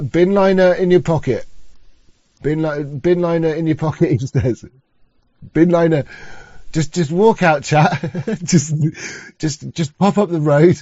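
A man's voice: a little high, mellow, no echo. A man ranting in rambling reaction commentary, crude and sarcastic, with frequent restarts, on a dull lo-fi mic. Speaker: streamer reacting to a clip.

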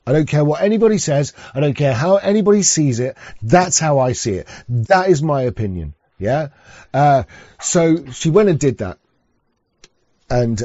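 A man's voice: a little high, dark tone, no room sound. A man hosting a casual talk show who rambles, swears and often restarts his sentences. He sometimes reads text aloud. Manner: rambling and profane, with frequent restarts. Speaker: podcast host. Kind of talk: casual chat and reading aloud. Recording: dull, dry lo-fi recording.

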